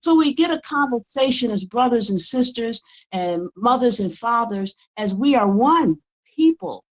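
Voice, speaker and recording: A woman's voice: fairly high pitch, animated, a little slow, low-quality recording. An older woman, a guest in a casual interview, talking earnestly and often repeating words as she builds her point. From United States. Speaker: guest author.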